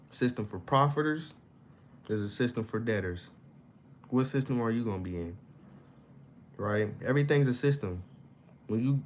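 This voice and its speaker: Slangy, profane young man ranting. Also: mid-range voice. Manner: slangy, profane, rambling with sudden loud bursts. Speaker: vlogger. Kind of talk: casual unscripted rant. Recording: slightly dull lo-fi with faint hiss.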